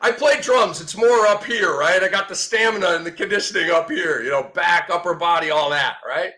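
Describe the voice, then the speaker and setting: A man in his fifties hosting a sports show, talking in a sarcastic, excitable way and breaking into mock shouts. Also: high voice, a little fast. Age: 50s. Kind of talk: animated sports commentary.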